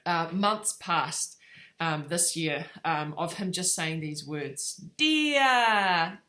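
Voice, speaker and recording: Low-voiced woman telling a devotional story. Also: slow pace, fairly bright tone. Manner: informal storytelling with frequent um and uh. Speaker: devotion speaker and mother. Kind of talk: conversational devotional talk.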